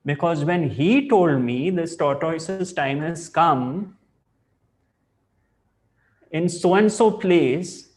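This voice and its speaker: A man's voice: a little high, expressive, brisk, hardly any pauses, mellow. A man voicing the Lord of Death in a spiritual story, explaining eagerly with bursts of laughter. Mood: amused, apologetic.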